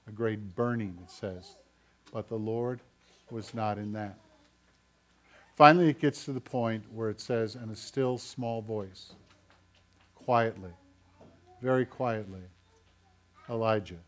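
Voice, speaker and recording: A man preaching a sermon, swinging from urgent, raised passages to hushed, quiet ones. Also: mid-range voice. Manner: dramatic shifts between loud urgency and hushed quiet. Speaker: pastor.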